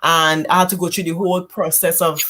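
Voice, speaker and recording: A woman, a guest giving a candid personal testimony in a church couch conversation, halting and emotional. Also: fairly low pitch, little pitch movement. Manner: halting, emotional, re-enacts quoted speech loudly.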